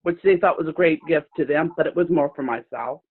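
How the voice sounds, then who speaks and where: A woman's voice: deep voice, slightly rough. A woman recounts a personal story with emotion. She halts and restarts often as she rambles along. Her voice arrives over a tinny, phone-like video call line. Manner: rambling, halting, with many restarts. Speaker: participant sharing a story.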